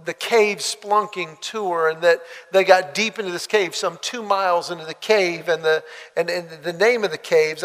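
A man preaching a sermon, telling a story with lively acted-out dialogue. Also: sits high, in a large hall. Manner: animated storytelling, acts out quoted dialogue.

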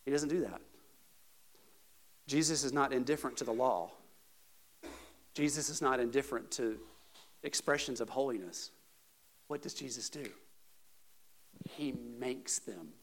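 A male pastor preaching a sermon, moving between casual asides and loud, emphatic peaks. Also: mid-range voice, measured pace, long pauses.

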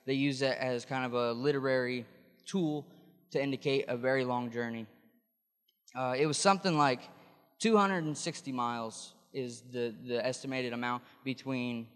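A man's voice: mid-range voice, a bit bright, clean tone. Man preaching in a reverberant hall. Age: adult. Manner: conversational, explanatory, with restarts. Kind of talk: sermon.

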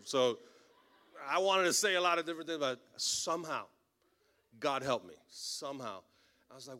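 A man preaching a sermon as a pastor, telling stories in an animated way with humorous asides. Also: medium pitch, fairly quick.

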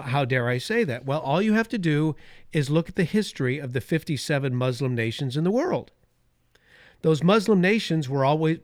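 A man's voice: medium pitch, dry recording. A man hosting a talk radio show, delivering an opinionated monologue with emphatic repetition and sarcastic asides. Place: radio studio.

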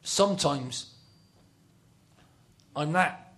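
Swapping football stories on a talk show, this middle-aged man speaks on the higher side, drawing out his words in a slightly bright voice. The storytelling is casual, full of laughter, with whispered asides for what he's privately thinking.

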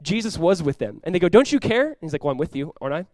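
A man, a pastor, preaching a sermon in an animated way, acting out voices with sudden loud bursts. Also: on the high side, racing, no room sound.

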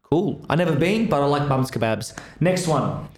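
A man's voice: a little high, animated. Swearing man, echoey room. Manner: joking, swearing, quick teasing banter. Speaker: podcast co-host. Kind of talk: casual chat.

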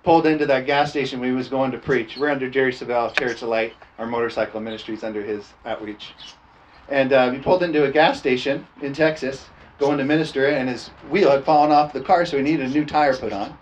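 A man's voice: medium pitch, fairly even intonation, fast talker, lo-fi sound. A man preaching a storytelling sermon in a folksy, laughing way, often tossing "amen?" to the congregation.

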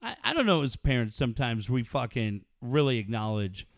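A man's voice: medium pitch, sing-song, fairly quick, no room sound. A man hosting a sports radio show in a studio, talking bluntly and joking with plenty of swearing. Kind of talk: casual radio chat.

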